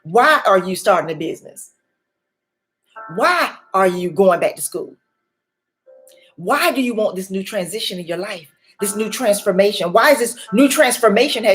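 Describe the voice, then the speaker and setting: A woman in her forties or older, working as a life coach, gives a faith-based motivational talk and repeats her key words for emphasis. Her voice is medium in pitch and slightly bright. Faint music can be heard in the background.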